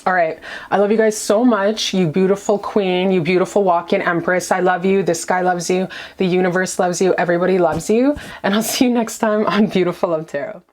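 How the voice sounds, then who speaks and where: Female tarot reader, slightly low voice, effusive and profane, chatty check-ins. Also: steady tone, brisk, darkish tone. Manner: gushing, profane and playful, lots of "okay?". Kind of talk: casual tarot reading to camera.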